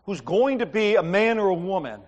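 A middle-aged male pastor with a notably high voice delivers a sermon. He talks in a conversational way, tosses questions to the congregation and tells his own stories with humor. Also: expressive, a little fast, highs cut off.

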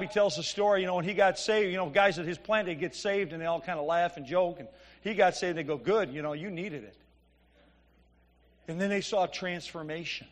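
High-voiced preacher in a reverberant hall. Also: male voice. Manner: preaching with swings from loud emphatic peaks to quiet asides; reads scripture then explains it conversationally. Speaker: pastor. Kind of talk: sermon.

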